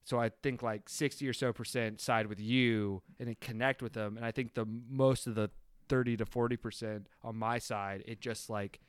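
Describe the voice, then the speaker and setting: Animated ranting man on a podcast. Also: mid-range voice, normal speed, clear, resonant tone, no room sound, clean studio sound. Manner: animated, ranting, swearing casually. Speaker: podcast co-host. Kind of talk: casual film discussion.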